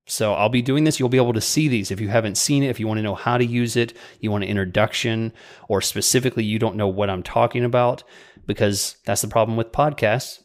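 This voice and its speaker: Chatty, sarcastic male podcast co-host. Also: on the low side. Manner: chatty, joking, sarcastic asides. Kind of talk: casual podcast chat.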